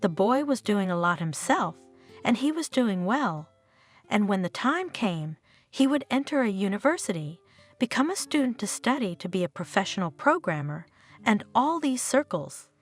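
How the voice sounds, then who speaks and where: Woman reading a story with lively pitch. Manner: lively, expressive reading with wide swings in pitch. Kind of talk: scripted story narration.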